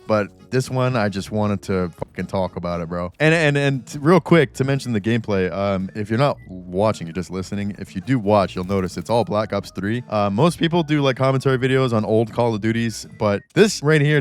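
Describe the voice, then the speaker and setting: A man in his twenties ranting casually over gameplay footage, rambling, frustrated and swearing often. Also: medium pitch. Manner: rambling, frustrated, swears a lot, self-critical. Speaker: gaming commentary vlogger.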